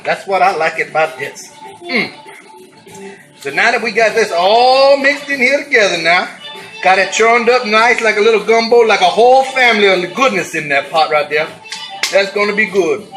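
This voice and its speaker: A man's voice: high-pitched, pushed and bright, poor audio. A man hosting a casual cooking demonstration, exuberant and folksy with whooping exclamations. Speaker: cooking show host.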